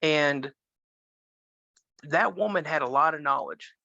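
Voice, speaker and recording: A man in his fifties, a guest telling a first-person story in an animated way, with frequent restarts. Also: on the high side, slow, vocal fry, dry recording, muffled recording. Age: 50s.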